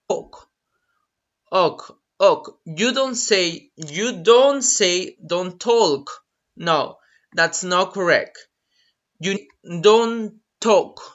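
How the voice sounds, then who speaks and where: An English teacher with a Spanish accent, a native Spanish speaker, slowly drilling pronunciation in an online lesson. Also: mid-range voice, sharp tone. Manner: slow, repetitive drilling of pronunciation. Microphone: computer mic on a video call. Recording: dull lo-fi webinar audio.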